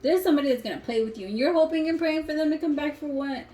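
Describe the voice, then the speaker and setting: A woman's voice: high-pitched, rapid-fire, dark tone. A woman giving a casual tarot reading to camera, talking bluntly and emphatically and swearing freely. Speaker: tarot reader.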